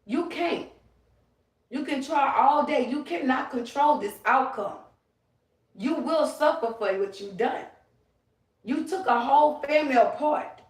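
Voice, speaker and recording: A woman's voice: high-pitched, unhurried, distant mic. A woman ranting on a livestream, profane, emphatic and confrontational. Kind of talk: livestream rant. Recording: roomy, away from the mic.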